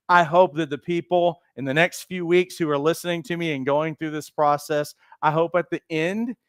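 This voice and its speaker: Training aspiring coaches, this man delivers a lively motivational talk and mimics the voices he quotes along the way. He sounds high-pitched, smooth and resonant, captured in a dry, close recording with no sense of the room.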